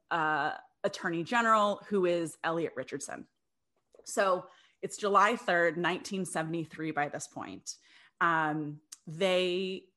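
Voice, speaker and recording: A young adult woman with a lowish, slightly bright voice casually tells a history story to a co-host. She's chatty and laughs often, with many fillers and restarts.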